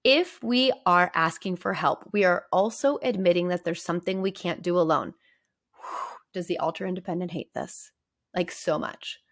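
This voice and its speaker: A woman's voice: on the low side, moderate pace, a bit bright. A woman therapist talking candidly and conversationally on her podcast, with lots of "like" and "right?". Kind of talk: casual podcast monologue.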